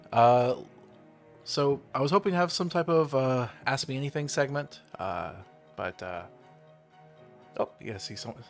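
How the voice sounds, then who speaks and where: A young man chatting casually on his own livestream. He rambles, chuckles often, leans on fillers and makes self-deprecating asides. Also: mid-range voice. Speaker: streamer hosting his own channel.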